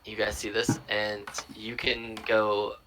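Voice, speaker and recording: A man narrating as dungeon master in a relaxed, rambling way. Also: lowish voice, slow pace, background noise. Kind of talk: narrating a tabletop game.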